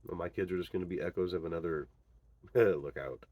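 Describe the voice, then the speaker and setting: A middle-aged man telling a personal story as a father, halting and earnest, with many pauses and fillers. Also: deep voice, no room sound, dull audio. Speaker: father sharing his story. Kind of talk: personal monologue.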